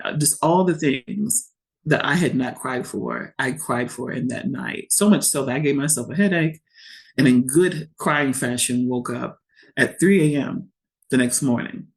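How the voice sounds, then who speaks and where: A woman, a podcast guest telling a personal story candidly and expressively, acting out what others said. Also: very deep voice. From Shreveport, Louisiana. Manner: candid and expressive, quotes others in lively voices.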